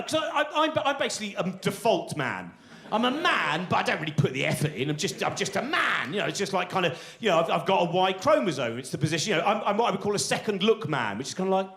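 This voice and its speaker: A man's voice: high-pitched, gravelly, fairly bright tone. A man, telling a rambling, self-deprecating stand-up story live on a theatre stage. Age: 40s. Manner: rambling, self-deprecating, many restarts and asides. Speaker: stand-up comedian.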